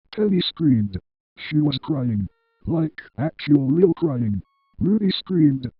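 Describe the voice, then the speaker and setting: A synthetic text-to-speech man's voice reading a horror story in a flat, evenly paced way. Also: a little high, unhurried, husky, dry recording, highs cut off. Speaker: narrator. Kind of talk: scripted horror story narration.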